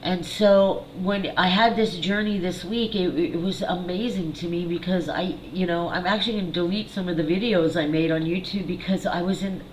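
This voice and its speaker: A middle-aged woman, a psychic healer, talking candidly and haltingly to camera in a personal video, repeating words and swearing. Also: lowish voice, steady tone, roomy sound, slight background noise, poor audio. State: tearful at times. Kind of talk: emotional personal video monologue.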